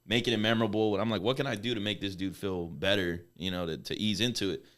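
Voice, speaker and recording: A man's voice: lowish voice, fairly bright tone. A man who works as a tattoo artist, telling stories in a loose, slangy podcast chat. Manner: quick, slangy storytelling.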